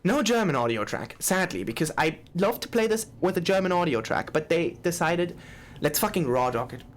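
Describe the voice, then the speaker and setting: Casting: a rambling, swearing game streamer on a desk mic, sing-song pitch, mid voice, faint hiss. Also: big pitch swings. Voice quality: rambling, swearing, quick to laugh. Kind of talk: casual live-stream chat.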